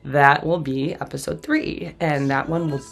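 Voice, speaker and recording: A woman in her forties tells her own life story as a podcast host. Her voice is gravelly, with plenty of vocal fry. She talks bluntly and with swearing, often laughing through painful memories. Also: low voice, steady tone, measured pace, soft background music. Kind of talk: candid personal storytelling.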